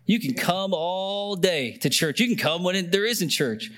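A man's voice: high-pitched, lively intonation, a little slow, a bit bright. A young man preaching a sermon in an earnest, conversational way, often emotional and near tears, with many fillers and restarts. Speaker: pastor.

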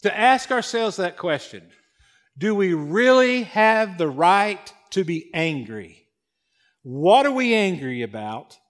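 A male pastor delivering a sermon, swinging between loud emphasis and hushed, slow passages. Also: sits high.

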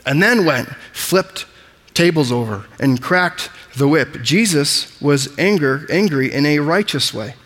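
A man's voice: fairly high pitch, lively intonation, measured pace, fairly bright tone, in a large hall. A man preaching a sermon with emphatic delivery, explaining scripture word by word. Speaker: pastor.

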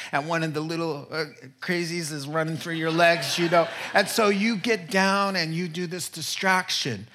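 Male pastor, bright slightly high voice, animated storyteller who drops to a hush for emphasis. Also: moderate pace, hardly any pauses, slight background noise. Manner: animated storytelling with wide pitch swings; drops to soft, quiet delivery for emphasis. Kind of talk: sermon.

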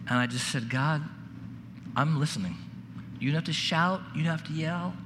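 Preacher, male, high voice, earnest delivery with repeated words, sermon in a reverberant hall. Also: fairly bright tone, a little hiss or hum. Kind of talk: sermon with a told story. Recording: reverberant hall, faint ambience.

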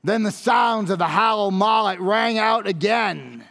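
A man's voice: high-pitched, measured pace, vocal fry, a bit bright, full character voice. A man performing a dramatic monologue as a Roman centurion, speaking intensely and pleadingly and repeating phrases for emphasis. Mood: solemn, awed. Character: Roman centurion, grave and awestruck. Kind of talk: dramatic first-person monologue. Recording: long reverb of a large hall.

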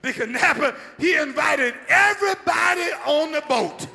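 A male pastor preaching a sermon, swinging from hushed asides to shouted call-and-response. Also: very high voice, expressive, moderate pace, creaky, soft background music. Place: church sanctuary. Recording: long hall reverb.

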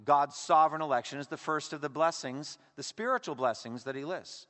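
A man preaching a sermon as pastor, swinging between emphatic lines and hushed asides. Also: fairly high pitch, brisk, long reverb tail.

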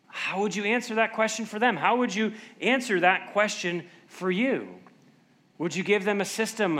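A middle-aged man delivers a sermon in a notably high voice. He pushes his listeners with rhetorical questions and acts out scripture quotes with animated voices. At key points he slows down and goes quiet for emphasis. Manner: asks rhetorical questions to the congregation. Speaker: pastor.

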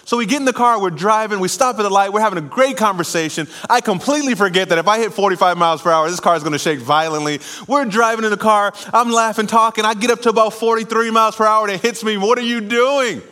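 A man preaching a sermon in church, telling a lively personal story with laughter before calling the congregation to respond. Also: sits high, quick pace, few pauses. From California. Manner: animated storytelling, laughing at himself, then preaching and calling for amens. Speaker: pastor. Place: church sanctuary.

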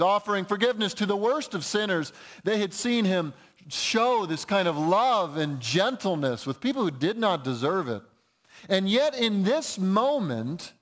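A pastor preaching a sermon in a conversational, explaining way, often restarting phrases. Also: male voice, on the high side.

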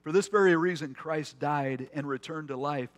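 A man's voice: fairly high pitch, normal speed. A man preaching a conversational sermon as pastor, with asides and restarts. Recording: long hall reverb.

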